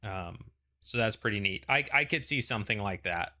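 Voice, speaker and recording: Bright-voiced man rambling casually. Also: fairly low pitch, expressive, normal speed. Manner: rambling, hedging, chatty. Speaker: show host. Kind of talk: casual pre-show chat.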